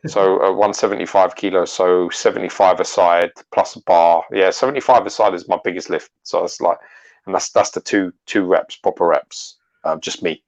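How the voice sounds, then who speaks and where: Male host, very low, gravelly voice, blunt, swearing banter. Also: steady tone, normal speed. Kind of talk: casual livestream chat. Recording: muffled stream audio.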